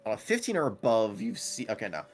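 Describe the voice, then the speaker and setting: A man's voice: lowish voice, wildly swooping pitch, fast, faint music behind. Casual young man running a tabletop game. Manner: casual, laughing often, many fillers. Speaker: game master.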